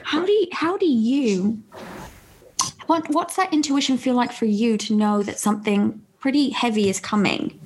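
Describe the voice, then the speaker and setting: A young woman with a fairly high voice hosts a casual podcast conversation. She tells her story in an animated way and laughs often as she talks. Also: moderate pace, slightly rough. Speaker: podcast host. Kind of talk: casual interview chat.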